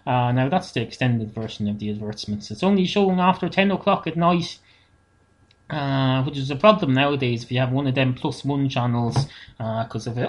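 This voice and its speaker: Irish man rambling deadpan comedy. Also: mid-range voice, a little fast. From Ireland. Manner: deadpan, meandering, frequent "uh" fillers. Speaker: comedic monologist. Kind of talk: rambling solo comedy monologue. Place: home setup. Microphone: self-recorded into editing software on a computer, no monitoring.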